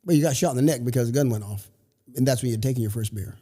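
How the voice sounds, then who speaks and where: A man hosting a podcast who asks quick questions and jumps in to steer his guest's story. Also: medium pitch, mellow, slightly rough. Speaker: podcast host. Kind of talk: interviewing, casual chat. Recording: reverberant room.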